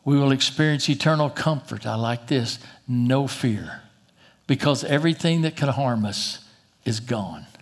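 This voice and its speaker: A man preaching a sermon in a folksy, emphatic way, slowing down for dramatic pauses. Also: medium pitch, expressive.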